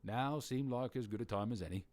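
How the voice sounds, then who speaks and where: A man reading visual novel lines aloud as a guilty male cat spirit, in a plain, steady voice. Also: medium pitch, fairly quick, lightly acted. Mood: sly.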